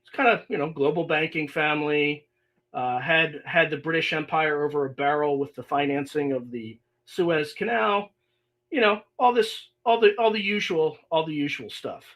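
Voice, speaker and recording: A man's voice: a little high, moderate pace, a bit bright. A man hosting a livestream podcast, talking casually and reading emails aloud with exasperated, sarcastic asides. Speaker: podcast host.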